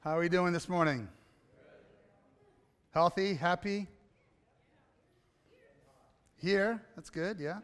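An Italian pastor preaches a casual, story-driven sermon to his congregation, often restarting with repeated words. His voice sits high and is smooth and fairly bright, unhurried with long pauses. The recording has a long hall reverb.

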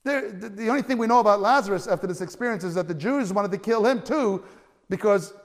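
A man preaching a sermon, telling a story with animated delivery that swells to loud cries and stumbles into restarts. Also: high-pitched, fast. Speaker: pastor. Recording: long hall reverb.

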